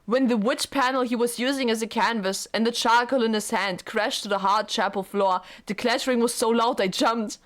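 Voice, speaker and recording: A woman reading a devoted young woman's lines from a visual novel aloud in an earnest, soft way, with faint game music behind her. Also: fairly high pitch, steady tone, normal speed, hardly any pauses, lightly acted. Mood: hushed. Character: gentle, devoted young woman narrating her love story.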